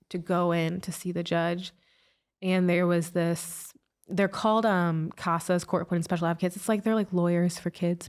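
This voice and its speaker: A woman's voice: lowish voice, darkish tone, smooth. A woman guest recounting a painful personal story in an interview, emotional and full of "like" fillers. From United States. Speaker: guest, author and speaker.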